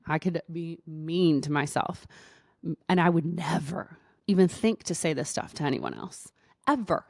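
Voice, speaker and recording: A woman with a low-pitched voice hosts her own podcast as a doctor, telling a personal story. Her talk is loose and chatty, full of "like" fillers. The sound is dry and close, with no room around it. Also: darkish tone, no room sound. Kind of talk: casual storytelling monologue.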